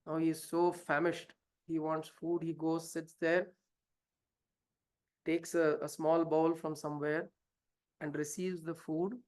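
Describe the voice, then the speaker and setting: A spiritual teacher tells a story to explain a scripture passage, asking many rhetorical questions. The medium-pitched, darkish voice is flat and measured with long pauses, and it sometimes hesitates, using fillers and restarting sentences.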